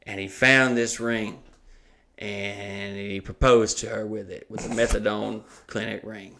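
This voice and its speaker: A man's voice: on the low side, measured pace, gravelly, slight background noise. A man telling a funny story on a comedy podcast, swearing a lot and acting out the voices of the people in it. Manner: animated, acts out quoted voices, swears a lot. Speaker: podcast co-host.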